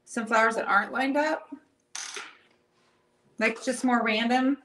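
A woman's voice: a little high, steady tone, measured pace, bright, forceful tone, roomy sound, far from the mic, a little hiss or hum. A woman hosting a painting livestream, chatting casually and teasing her partner. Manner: playful, teasing. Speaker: painting tutorial host.

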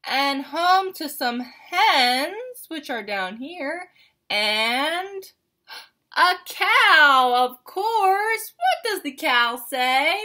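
A woman's voice: high-pitched, sharp tone. A young woman teaching preschool, reading a picture book aloud at circle time in a sing-song, encouraging way for toddlers.

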